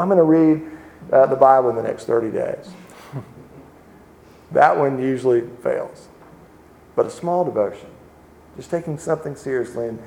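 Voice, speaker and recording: A man giving a sermon in a mellow, warm-toned voice at an ordinary pitch. He preaches in a relaxed, chatty way, often circling back and restarting his sentences. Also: slight background noise. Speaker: pastor.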